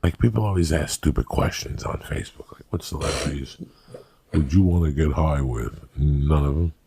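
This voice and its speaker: Gravelly deep-voiced brash storyteller man. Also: moderate pace, warm tone. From Cuban-American. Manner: brash, swearing, acts out the people in his stories. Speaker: comedian and podcast guest. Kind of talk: profane comic storytelling on a podcast.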